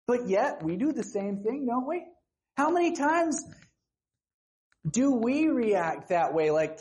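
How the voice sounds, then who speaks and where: A woman's voice: on the high side, big pitch swings, slow pace, pauses often, a little mellow. A woman preaching a sermon with passion, asking rhetorical questions and acting out voices.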